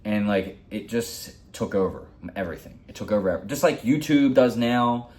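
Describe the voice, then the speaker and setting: Man, 40s, deep voice, rambling heartfelt storyteller, vlog. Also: lively intonation, normal speed, a little mellow. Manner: rambling, heartfelt, repeats himself. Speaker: hockey vlogger. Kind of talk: personal storytelling.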